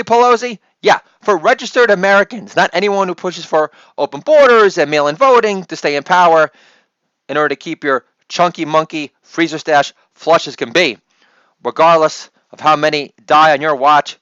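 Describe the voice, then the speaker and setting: A man doing a brash, rambling solo comedy monologue and shouting out catchphrases. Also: a little high, no echo. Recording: dull lo-fi dry recording.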